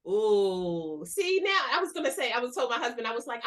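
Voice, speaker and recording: A woman in her thirties hosting a podcast, chatting casually with a friend in a playful, expressive way with plenty of laughs. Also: a little high, fairly quick, hardly any pauses. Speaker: podcast host. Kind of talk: casual chat between friends.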